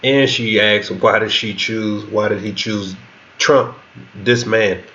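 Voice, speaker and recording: A man's voice: fairly low pitch, steady tone, slow pace, sharp tone. A man leading a Bible class, reading scripture and commenting in a loose spoken way with restarts. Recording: dull lo-fi recording with faint background noise.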